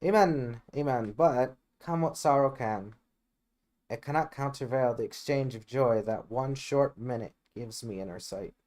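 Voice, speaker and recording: An ardent young man in love, declaiming slowly, as a man reads him in near his own voice. It is an amateur reading of a Shakespeare play. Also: mid-range voice, a little mellow, natural voice.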